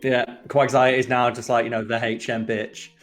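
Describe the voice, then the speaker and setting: A man's voice: medium pitch, little pitch movement, moderate pace, faint music behind. A man co-hosting a let's play, chatting casually and ranting with exasperation and swearing. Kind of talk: casual gameplay commentary.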